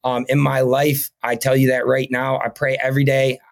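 A man's voice: mid-range voice, completely flat delivery, normal speed. A man talking casually as a podcast guest, earnest and rambling, often tagging his sentences with "right?" and "you know what I mean?". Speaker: podcast guest, painting company owner. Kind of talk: casual interview talk.

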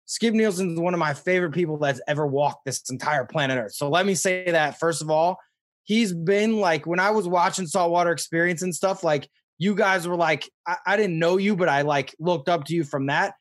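A young man from Missouri telling stories in a casual interview, rambling and excitable with many fillers. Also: fairly high pitch, fairly quick, dry recording, studio quality. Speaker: podcast guest, fishing show host.

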